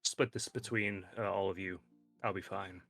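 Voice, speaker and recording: A man playing a tabletop game over a voice call, calm and terse. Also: low-pitched, moderate pace, soft background music. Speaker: player.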